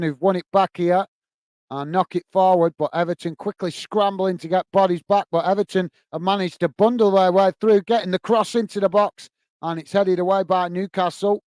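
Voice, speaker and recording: A man's voice: sits high, fairly even intonation, a little fast, a little mellow, dry recording. A man hosting a football watch-along stream, giving friendly play-by-play and chatting with viewers as he goes. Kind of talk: live match commentary while greeting chat viewers.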